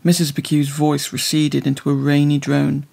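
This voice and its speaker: A man reading a literary story aloud in measured, scripted narration. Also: a little high, monotone, gravelly, darkish tone. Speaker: audiobook narrator.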